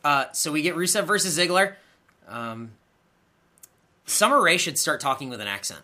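Man, podcast co-host, bright clear voice, sarcastic, profane, exasperated. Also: a little high, expressive, moderate pace. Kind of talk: casual chat recapping wrestling.

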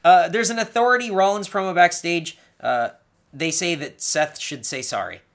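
A young man co-hosting a casual podcast, chatting fast and acting out lines in a playful, animated way. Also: high-pitched, creaky. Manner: animated, quick quips, acts out wrestlers' lines. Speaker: podcast co-host. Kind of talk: casual chat recapping wrestling.

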